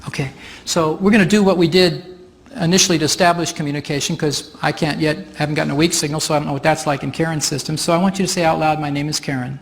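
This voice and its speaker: A workshop facilitator leads a live demonstration on stage before an audience, chatting through each step and laughing often. His voice is a little high, steady in tone, and fast.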